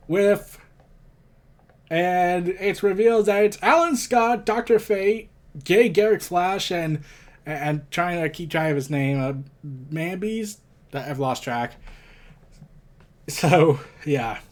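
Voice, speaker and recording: A man's voice: high-pitched, slow, long pauses. A man reviewing a comic book in casual commentary, reading panels aloud and breaking off into rambling, stumbling asides.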